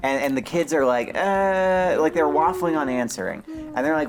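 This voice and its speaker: A man's voice: fairly high pitch, animated, moderate pace, music in the background. A young man co-hosting a casual podcast, recapping a book in a rambling way with crude jokes. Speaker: podcast co-host.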